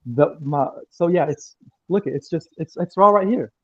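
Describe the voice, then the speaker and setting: Excitable guest, high voice, restless and profane, dull lo-fi sound. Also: male voice, normal speed, no echo. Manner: rambling, agitated, profane, repeats himself. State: crying. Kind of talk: emotional livestream interview.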